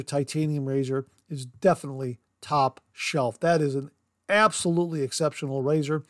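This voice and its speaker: A man's voice: fairly high pitch, dry recording, studio quality. A man hosting a podcast, reviewing a product in casual, enthusiastic chat and often repeating words for emphasis. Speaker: podcast host.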